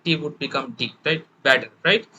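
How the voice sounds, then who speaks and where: A man's voice: on the high side, normal speed, pushed and bright, lo-fi sound, slight background noise. A man from Bengal with an Indian English accent, an English teacher hosting a conversation and explaining pronunciation, often checking with "right?". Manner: explains with many "right?" tag questions. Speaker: English teacher and channel host. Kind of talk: casual conversational interview.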